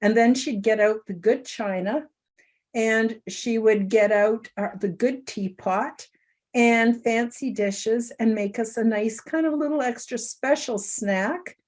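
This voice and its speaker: A woman's voice: on the high side, slow, a little mellow. A middle-aged woman hosting a talk show, telling a personal story in an earnest, emotional way. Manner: earnest, emotional, tearful at times. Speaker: show host.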